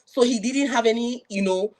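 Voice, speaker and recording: A woman with a Nigerian accent, a public health professional, speaks at a moderate pace in a fairly high, slightly mellow voice. On a live panel she gives an earnest, reflective personal account, restarting often and leaning on "you know" fillers.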